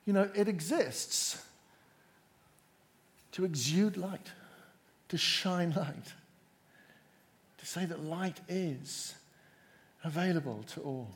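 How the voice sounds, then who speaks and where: A man preaching a sermon to a congregation, measured and emphatic, drawing the listeners in. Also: on the high side.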